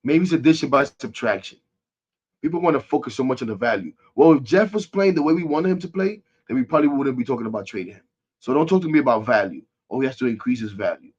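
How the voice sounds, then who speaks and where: A man's voice: mid-range voice, fast talker, highs cut off. Frustrated New man ranting about sports. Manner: frustrated, animated, swings from loud outbursts to muttering. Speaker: sports podcast host. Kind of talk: casual sports rant.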